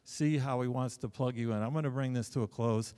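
A man's voice: medium pitch, fairly quick, smooth. Man preaching in a reverberant church hall. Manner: animated storytelling with sudden loud bursts and asides. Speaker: pastor. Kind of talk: sermon. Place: church sanctuary.

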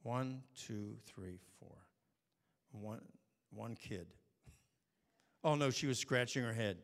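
A man preaching a sermon, telling stories and moving between quiet asides and shouted warnings. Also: mid-range voice, slow, in a large hall.

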